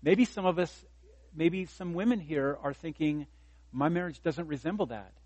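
A man's voice: fairly high pitch, moderate pace, a little mellow, no echo, muffled recording. Dry-sounding male pastor preaching. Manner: conversational preaching, rising for emphasis, self-deprecating humor. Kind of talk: sermon.

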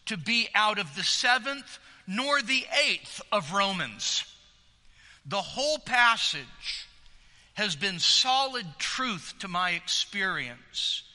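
A man preaching with a high, very bright voice that rings out through a large hall. He talks slowly and earnestly, leaning on key words and circling back on phrases as he builds each point. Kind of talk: sermon.

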